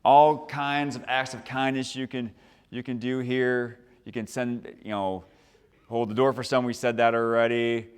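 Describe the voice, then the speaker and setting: A man giving a lively, upbeat motivational talk to a high school audience and asking the crowd questions. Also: normal speed, clear, resonant tone. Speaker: motivational speaker. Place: large school hall. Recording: long reverb from a large hall.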